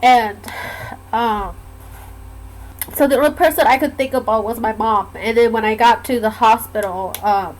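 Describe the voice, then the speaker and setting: A woman telling a personal story in a casual, halting way, with many pauses and fillers. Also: fairly high pitch, poor audio. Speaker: vlogger sharing a personal story. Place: lives in Georgia, USA.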